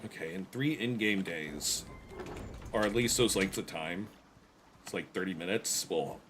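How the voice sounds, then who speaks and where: A man's voice: low voice, measured pace, noisy background. A man streaming a survival game, chatting casually to his viewers with rambling, self-deprecating jokes. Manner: rambling, self-deprecating, joking asides to chat. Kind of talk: casual gameplay commentary.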